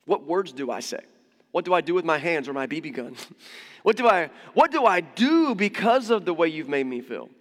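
Conversational pastor in an echoing hall. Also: male voice, a little high, big pitch swings, moderate pace. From United States. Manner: conversational, humorous, with frequent asides and restarts. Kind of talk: sermon.

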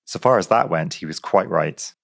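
A man reading a story aloud in a wry, measured storytelling manner. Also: low-pitched, lively intonation, gravelly. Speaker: narrator. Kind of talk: scripted story narration.

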